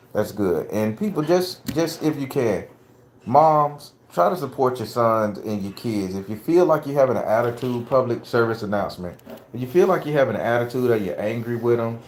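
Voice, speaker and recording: A man's voice: mid-range voice, a little mellow, a little hiss or hum. A blunt, profane middle-aged man talking casually to his viewers, laughing easily. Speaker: spiritual vlogger and father. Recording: echoey room.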